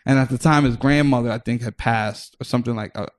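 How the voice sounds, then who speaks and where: A man's voice: mid-range voice, fast. Rambling, foul-mouthed male comedian storyteller. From New York, the Bronx. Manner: rambling, restarts often, swears freely, acts out other people's lines. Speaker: podcast guest, comedian. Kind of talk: casual storytelling chat.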